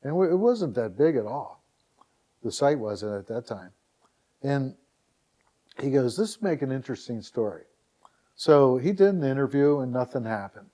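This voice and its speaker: Middle-aged man from Northeast Ohio, podcast guest, warm mellow voice, lively and chatty storyteller who acts out dialogue. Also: mid-range voice, normal speed, long pauses. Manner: animated anecdote teller who acts out dialogue and keeps repeating "all of a sudden". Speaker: podcast guest, website founder. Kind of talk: casual storytelling interview.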